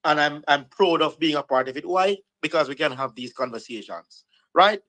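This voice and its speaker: Jamaican male regular panelist, high, emphatic, methodical arguer. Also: moderate pace, pushed and bright, poor audio. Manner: lays out numbered reasons, emphatic. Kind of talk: casual panel debate.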